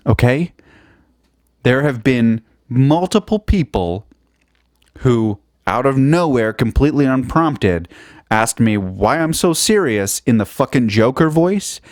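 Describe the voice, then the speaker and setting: A man's voice: on the low side, no echo, studio quality. Sweary man rambling on a solo podcast. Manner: sweary, self-mocking, jumps between topics. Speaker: podcast host.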